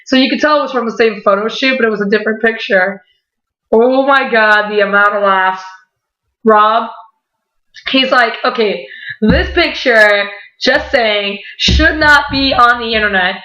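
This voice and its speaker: Excitable young woman vlogging in an echoey room. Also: on the high side, unhurried. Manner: excitable, swearing, laughing often, lots of "like". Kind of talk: casual vlog storytelling. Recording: echoey room, dull lo-fi sound.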